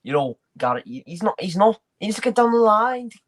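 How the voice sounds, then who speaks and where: A man's voice: sits high, very animated, fast talker, voice pushed up. A man doing an impression of a fussy, critical male TV football pundit, lecturing with repeated fillers. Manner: pundit-style lecturing with repeated "you know".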